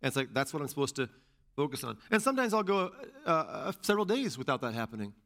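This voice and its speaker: A man preaching a sermon in a slightly raised voice that swings widely in pitch. He keeps it conversational, repeating key phrases for emphasis and slipping in casual asides. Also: very animated, fast talker, a bit bright. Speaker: pastor.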